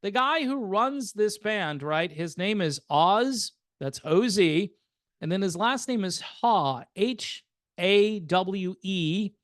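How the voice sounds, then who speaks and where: An older man hosting a music channel speaks slowly in a high, expressive, fairly bright voice. His casual commentary is rambling, sardonic, and chatty, with plenty of fillers, and the clean studio sound has no room sound.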